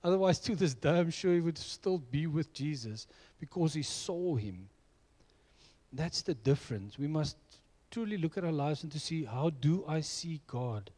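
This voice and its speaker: A man's voice: on the high side, animated, moderate pace, mellow. A middle-aged man preaching a sermon, telling personal stories in an earnest way. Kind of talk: sermon with storytelling.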